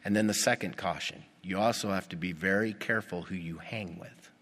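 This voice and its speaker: A male pastor preaching a sermon, animated and putting rhetorical questions to his congregation. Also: low-pitched, a little fast. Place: church. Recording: long reverb of a church hall.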